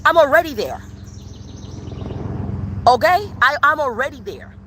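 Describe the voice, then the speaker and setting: A woman giving a live tarot reading, excitable and expressive, swearing casually as she talks to viewers. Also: sits high, a little slow, slight background noise. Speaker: tarot reader.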